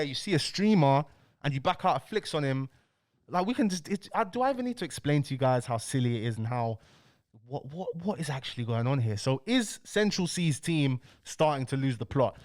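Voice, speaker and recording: A man delivering heated, slangy commentary as a YouTube host. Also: fairly high pitch. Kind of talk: ranting commentary.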